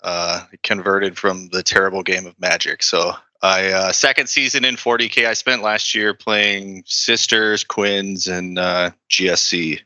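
A man with a deep but very forceful voice, recorded dry and close. He talks as a podcast guest, relaxed and modest about his wins. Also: unhurried, hardly any pauses, no echo. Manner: easygoing, modest. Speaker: guest player. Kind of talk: casual interview answers.

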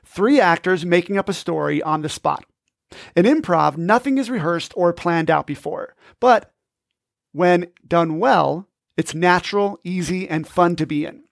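Man, podcast host, high voice, gravelly, upbeat scripted narration, dry close mic. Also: animated, measured pace, dry recording. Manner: upbeat, instructive.

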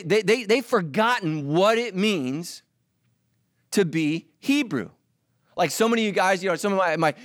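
A middle-aged man preaching a sermon with animated delivery and joking asides to the congregation. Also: sits high, no echo, studio quality. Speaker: pastor.

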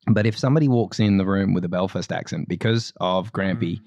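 A man's voice: low-pitched, fairly quick, darkish tone, no echo, lo-fi sound. A man co-hosting a podcast who tells long stories with many restarts and laughs as he goes. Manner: rambling, restarts often, laughs through stories. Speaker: podcast co-host. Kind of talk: casual chat, storytelling.

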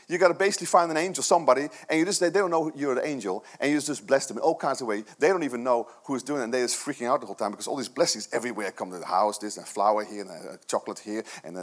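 A middle-aged man preaching a sermon to his church, earnest and conversational, with many rhetorical questions. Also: medium pitch. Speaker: pastor.

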